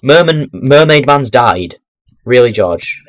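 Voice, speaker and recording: A young man giving chatty, rambling commentary while playing a video game into his webcam microphone, breaking into sudden loud exclamations. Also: mid-range voice, lively intonation, takes it slowly, no room sound. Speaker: gaming commentator. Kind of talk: chatty let's-play commentary.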